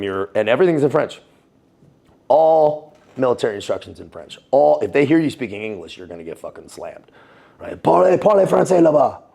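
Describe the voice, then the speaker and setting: Gravelly, animated American man telling stories. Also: on the low side. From United States. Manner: animated, profane, laughing, calls everyone dude. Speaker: guest, former Navy SEAL and Foreign Legionnaire. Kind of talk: casual interview storytelling.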